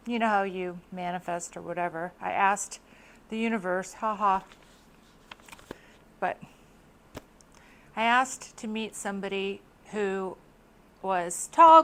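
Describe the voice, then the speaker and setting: Middle-aged woman, chatty vlogger, expressive, laughs a lot, mid-pitched voice. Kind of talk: casual monologue to camera.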